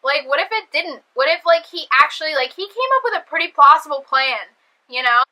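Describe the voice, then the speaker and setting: Bright-voiced chatty young woman. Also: sits high, a little fast, rough recording. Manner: chatty, animated, many fillers, acts out her reactions. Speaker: vlogger reviewing a TV episode. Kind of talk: casual chat.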